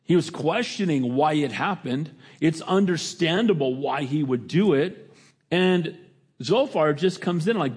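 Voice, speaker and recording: A middle-aged man preaching a sermon in a conversational way, rising to emphatic lines and dropping to quiet reflection. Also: a little high, expressive, unhurried, breathy edge. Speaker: pastor.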